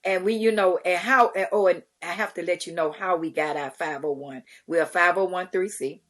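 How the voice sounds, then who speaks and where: A middle-aged woman, a charity founder, telling lively stories in a podcast interview, acting out what others said and laughing often. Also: lowish voice, brisk. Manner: animated storyteller, acts out quotes, laughs often. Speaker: guest, community charity founder.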